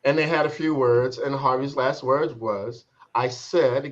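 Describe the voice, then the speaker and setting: A man's voice: medium pitch, fairly even intonation. Reflective man, slightly muffled. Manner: reflective, halting, repeats words while searching for them. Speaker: transformation coach. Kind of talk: telling a personal story in an interview. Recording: slightly dull, muffled sound.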